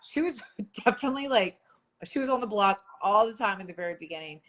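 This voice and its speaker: A woman's voice: medium pitch, lively intonation, fast talker, fairly bright tone, slight background noise. A young woman, a former reality show contestant, chatting casually on a livestream, rambling with lots of fillers and laughing often. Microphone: phone.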